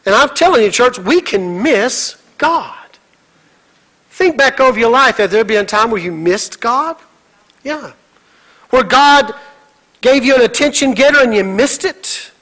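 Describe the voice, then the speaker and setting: High bright-voiced preaching man. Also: unhurried, pauses often, low-quality recording. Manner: animated preaching, acts out voices of God and Moses. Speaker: pastor. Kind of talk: sermon.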